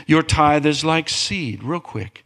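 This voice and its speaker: Animated preacher man, rising high. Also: slow. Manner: animated, swooping pitch, calls for amen. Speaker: pastor. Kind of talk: sermon.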